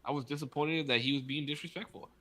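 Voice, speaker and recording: A man co-hosting a casual podcast, an animated storyteller who acts out quotes and swears freely. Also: a little high, fast. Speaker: podcast co-host, father.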